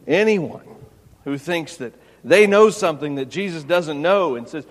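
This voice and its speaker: A man preaching an expository sermon, rising to loud, emphatic peaks. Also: on the high side, expressive, a little slow. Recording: long hall reverb.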